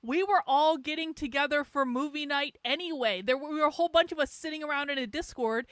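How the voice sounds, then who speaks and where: High-voiced woman ranting on a livestream. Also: fast, fairly bright tone, dry recording, studio quality. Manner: sarcastic, profane, rambling with laughs. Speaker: livestream host. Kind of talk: casual livestream rant.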